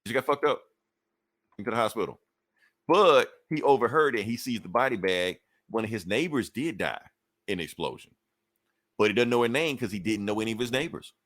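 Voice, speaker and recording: Casual comic podcast co-host, male, lowish voice, dry close sound, rambling profane recap. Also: lively intonation, fairly quick, a bit bright, no room sound. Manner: loose, profane storytelling with filler asides.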